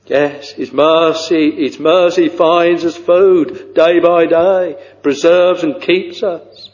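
An older man preaching a sermon with fervent, halting delivery and sing-song rises on scripture. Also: on the high side, fairly even intonation, darkish tone. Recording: dull, echoey old church recording.

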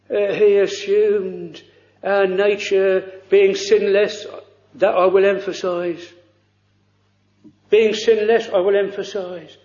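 A man preaching a sermon in earnest, halting speech, with many fillers and old-fashioned phrasing. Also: high-pitched, a little mellow, echoey room, lo-fi sound.

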